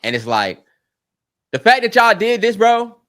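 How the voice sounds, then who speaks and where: Animated, teary-eyed podcast co-host man. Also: extremely high pitch, a little slow. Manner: animated, heartfelt, swears freely. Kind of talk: casual podcast chat.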